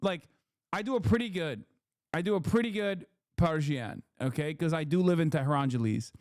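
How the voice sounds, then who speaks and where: A man's voice: on the high side, moderate pace, a little mellow, no room sound, clean studio sound. A man streaming live, reacting to clips with profane, laughing asides. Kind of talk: live commentary.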